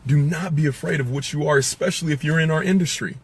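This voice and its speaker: A man with a husky voice set a little high delivers a fired-up motivational talk on sales. He drives points home by repeating them and rises to loud preaching. Between those peaks he sinks into low, quiet asides. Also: fast. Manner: preachy and emphatic, with repeated lines. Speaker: sales coach.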